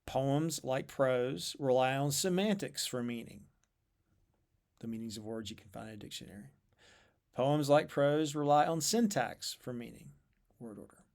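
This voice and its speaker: A man explaining poetry in a measured, thoughtful way, with fillers and repeated words. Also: mid-range voice, animated, gravelly, darkish tone. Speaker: literature lecturer.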